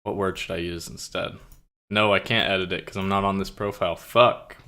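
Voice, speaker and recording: Young male streamer, loose rambling talk full of swearing, lowish but bright voice. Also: flat delivery, brisk, vocal fry, smooth. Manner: rambling, swears a lot, searches for words. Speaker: streamer and writer. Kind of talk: casual chat with stream chat before a reading.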